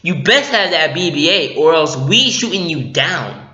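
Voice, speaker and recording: Guy doing a slangy tough trooper, bit high voice, echoey. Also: big pitch swings, measured pace, bright, forceful tone, full character voice. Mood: threatening. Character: swaggering trooper soldier, threatening. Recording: echoey room, dull lo-fi mic.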